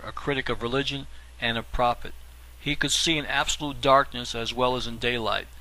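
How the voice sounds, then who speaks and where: A man narrating an audiobook in an even, steady reading manner. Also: mid-range voice, rough recording.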